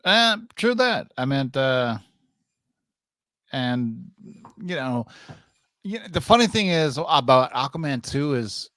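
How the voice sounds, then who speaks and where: A man co-hosting a comic book podcast, chatting casually and hesitantly, with frequent pauses and fillers. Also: mid-range voice, big pitch swings, fairly bright tone, dry recording, clean studio sound. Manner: hesitant, lots of fillers and restarts. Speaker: podcast co-host. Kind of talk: casual chat.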